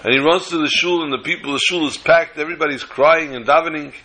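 A man recounts a story in the manner of a sermon, with an expressive, dramatic delivery. His voice is very bright and sits somewhat high for a man. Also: fast talker, slight background noise, rough recording.

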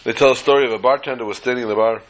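A man's voice: mid-range voice, fairly even intonation, racing, rough recording. A man, a rabbi, giving a weekly Torah class in a chatty storytelling manner, acting out jokes.

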